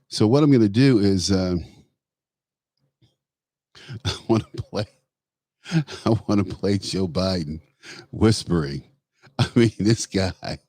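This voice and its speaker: Male talk host, low-pitched, blunt animated commentary, dry close-miked recording. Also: takes it slowly, pauses often, dry recording. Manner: animated, laughs while talking, blunt asides. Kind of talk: solo political commentary.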